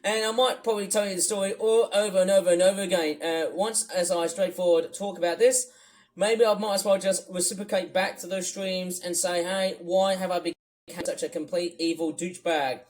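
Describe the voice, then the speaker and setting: A man from the UK rambling through a livestream commentary, wordy and repetitive, swinging between loud bursts and low mutters. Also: fairly even intonation, a little fast, low-quality recording. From United Kingdom. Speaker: YouTuber. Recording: faint music under the voice. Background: music playing.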